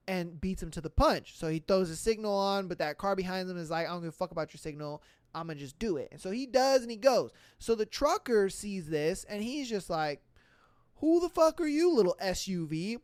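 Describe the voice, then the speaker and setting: A woman's voice: medium pitch, dry recording. A woman hosting a podcast, reading out listener stories in a casual way and acting out the people in them with plenty of swearing. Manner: animated, profane, acts out quoted voices. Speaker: podcast host.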